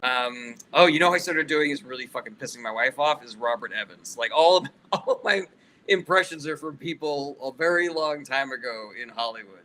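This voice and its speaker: A man's voice: medium pitch, brisk, pushed and bright, rough recording. A male comedian casually answering live chat questions, loose and profane, reading each question aloud before he answers.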